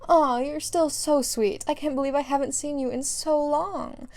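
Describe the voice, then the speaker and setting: A woman reading a story aloud and voicing a brash, loud middle-aged mother who gushes over the children and scolds her son. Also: medium pitch, normal speed, vocal fry, natural voice. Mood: gushing. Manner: sing-song and scolding by turns.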